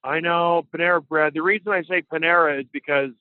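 A man's voice: fairly high pitch, fairly even intonation, fairly quick, no echo. A man co-hosting a casual sports podcast, chatting in a playful, rambling way. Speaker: podcast co-host. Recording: dry, tinny phone-like line.

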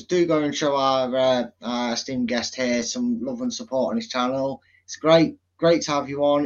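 A man hosting a casual football podcast, chatty and teasing, often calling people mate. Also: fairly high pitch. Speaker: podcast host. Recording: slightly dull lo-fi sound.

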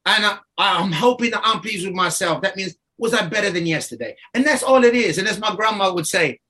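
A man's voice: sits high, animated, a little fast, sharp tone. A man speaking as a guest, telling his story in a rambling, casual way, often restarting and laughing.

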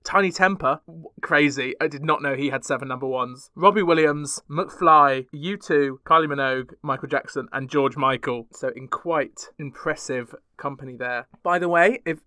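A man's voice: fairly high pitch, moderate pace, few pauses, pushed and bright, clear, resonant tone, no room sound, studio quality. A man from the UK hosting a chart rundown podcast, chatty with wry asides. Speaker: podcast host.

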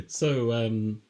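A man chatting on a podcast, making dry, deadpan remarks. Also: medium pitch. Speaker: podcast co-host. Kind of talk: casual chat.

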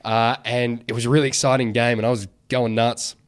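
A man hosting a podcast, telling stories in a lively way and acting out the people in them. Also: medium pitch, a little fast. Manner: animated storyteller, acts out voices. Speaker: podcast host. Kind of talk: casual chat.

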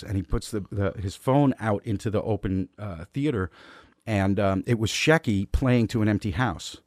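Low-voiced man telling candid stories. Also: dry recording, clean studio sound. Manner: rambling, candid storyteller who laughs at himself. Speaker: comedian guest. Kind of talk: casual interview conversation. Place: host's garage studio.

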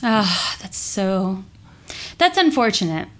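A woman yoga teacher talking with passion and emphasis in a podcast interview, often jumping up in pitch. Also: takes it slowly. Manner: passionate, emphatic, swings high and animated.

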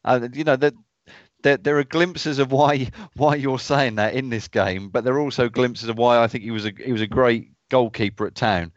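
A man's voice: medium pitch, moderate pace, dry recording, muffled recording. A man co-hosting a casual podcast, joking and chatting about old football games. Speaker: podcast co-host. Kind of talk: casual chat.

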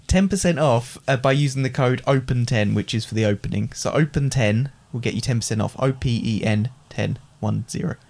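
A man's voice: medium pitch, fairly quick, creaky, hardly any pauses, a little mellow. A man hosting a casual podcast, rambling in a friendly way and laughing often. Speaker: podcast host. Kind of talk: casual chat.

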